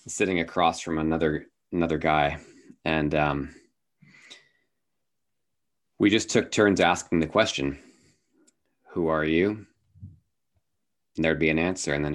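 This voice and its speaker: A man hosting a podcast, answering his guest in a calm, reflective, affirming way. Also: deep voice. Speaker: podcast host. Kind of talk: reflective conversation.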